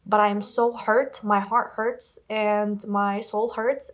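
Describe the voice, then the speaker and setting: A woman's voice: mid-range voice, level tone, slow pace. A young woman chatting to camera in a casual reading vlog, rambling and emphatic, repeating herself and swearing casually, upset and close to tears. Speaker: book vlogger.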